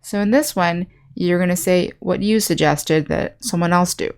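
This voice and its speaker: Woman English teacher, lowish voice, clear, patient lesson delivery. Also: darkish tone. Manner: clear, slow, teacherly explanation with example sentences. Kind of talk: scripted online lesson.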